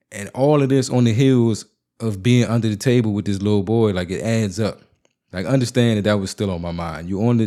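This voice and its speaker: A man with a somewhat low voice hosts his own podcast alone. He vents in a casual monologue, telling stories in a blunt, profane and animated way. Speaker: podcast host. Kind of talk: casual solo monologue, venting.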